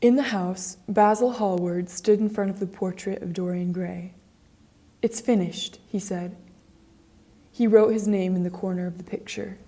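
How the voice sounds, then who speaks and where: Mellow, breathy woman narrating. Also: medium pitch, steady tone. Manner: slow, clear, measured. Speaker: audiobook narrator. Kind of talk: graded reader narration.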